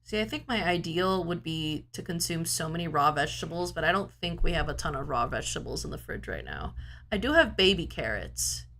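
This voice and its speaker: Lively, rambling woman streamer. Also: fairly low pitch. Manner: rambling, talkative, self-mocking. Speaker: game streamer. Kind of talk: casual chat. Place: home. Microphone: desk microphone.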